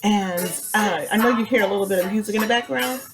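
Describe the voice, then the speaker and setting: Brief: chatty, rambling woman host for a casual food review, loud background music. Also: medium pitch, quick pace. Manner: chatty and rambling, laughs often.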